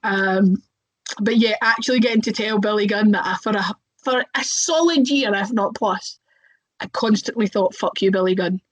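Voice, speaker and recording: A woman's voice: medium pitch, normal speed, highs cut off. A young woman, a wrestler, telling stories casually in an interview, chatty, with lots of fillers and voices acted out.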